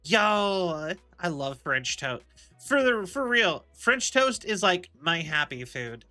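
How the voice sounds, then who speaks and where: A man streams a game and chats casually, rambling, laughing often and restarting his sentences a lot. His voice sits high and sounds bright and forceful, very animated but slow. Soft music plays in the background.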